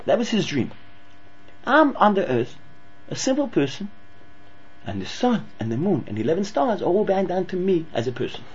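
Man, husky and high-pitched Torah teacher, excitable with many restarts, lo-fi hum. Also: moderate pace. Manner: excitable, repeats and restarts words. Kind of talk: animated Torah lesson.

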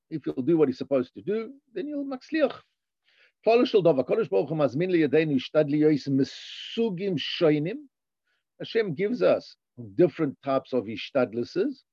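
A man's voice: a little high, warm tone, breathy edge, dry recording. A man giving a lecture, reading a passage and explaining it, with sing-song rises on the read lines. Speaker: Torah teacher. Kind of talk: lecture reading a text and translating. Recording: dull, dry lo-fi recording.

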